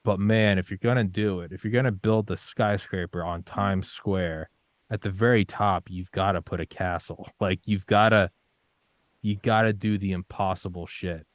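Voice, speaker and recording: A young man with a very low voice speaks in a casual interview, swearing freely and dramatizing his own doubts and determination. The sound is dry and close, with no room echo. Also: fairly even intonation, moderate pace. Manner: intense, swearing, acts out his own panicked inner voice. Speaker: podcast guest.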